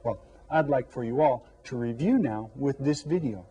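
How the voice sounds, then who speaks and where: A man teaching a children's Spanish lesson, speaking slowly and clearly and asking questions, then pausing for the kids to answer. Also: mid-range voice, warm tone, dull audio. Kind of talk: scripted classroom lesson for children.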